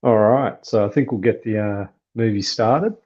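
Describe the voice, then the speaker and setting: A man with a deep, husky voice hosts a casual movie watchalong in an easygoing way, steering the stream and the chat. The audio sounds dull and lo-fi. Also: normal speed, darkish tone. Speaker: channel host.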